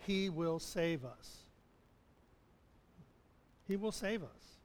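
Brief: male preacher, high voice, chuckles through a sermon, long hall reverb. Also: animated, very slow. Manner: chuckling often, acting out the quoted lines.

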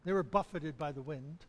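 A pastor with a notably high voice gives a conversational sermon at a moderate pace, chuckling and restarting phrases along the way. The church sanctuary around him carries a long reverb.

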